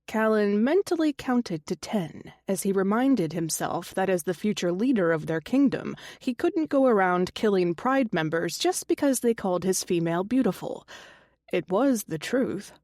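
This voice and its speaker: A woman narrating a fantasy romance audiobook in a steady storytelling manner. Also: medium pitch, normal speed, no echo, studio quality. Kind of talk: scripted narration.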